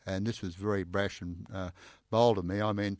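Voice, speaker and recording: A man's voice: low-pitched, moderate pace, no echo. An older man with an Australian accent, a former police inspector, telling stories in an interview with frequent "I said" repeats and laughter. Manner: animated, repeats "I said" often, laughs while telling. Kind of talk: anecdotal storytelling in conversation.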